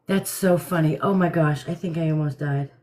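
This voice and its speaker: A woman's voice: deep voice, normal speed, a little mellow, a little hiss or hum. A middle-aged woman hosting a casual livestream from home at night, blunt and laughing often. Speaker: livestream host. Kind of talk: casual live chat.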